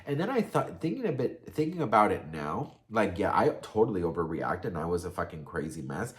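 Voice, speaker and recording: A man's voice: deep voice, big pitch swings, a little fast. A young man telling a personal story in a casual, profane, gossipy way, full of fillers and asides to his viewers. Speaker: storytime vlogger.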